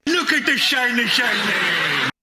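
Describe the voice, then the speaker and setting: A man putting on a squeaky smug simpleton. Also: sing-song, slow pace, heavy background noise, full character voice. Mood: gleeful.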